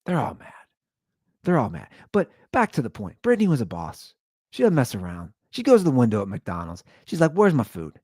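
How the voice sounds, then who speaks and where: A man's voice: mid-range voice, brisk, dry recording, clean studio sound. Sarcastic ranting male podcast host. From Anderson Township, Ohio, USA. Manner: sarcastic, exaggerated, animated ranting. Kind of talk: comedic rant storytelling.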